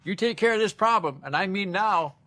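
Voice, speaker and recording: A man voicing a flamboyant, bossy male inmate who barks demands in a shrill voice raised well above his own. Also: lively intonation, a little fast, sharp tone.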